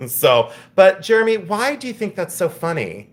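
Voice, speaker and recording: Blunt animated male live-stream seller. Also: a little high, moderate pace, hardly any pauses. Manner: blunt, animated storyteller with mild swearing. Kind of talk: casual live-stream chat.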